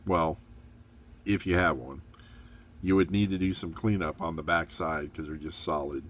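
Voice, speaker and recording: Deep-voiced middle-aged man, chatty hobby review. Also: moderate pace, a little hiss or hum. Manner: relaxed, chatty, rambling with fillers; upbeat, encouraging. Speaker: model kit reviewer.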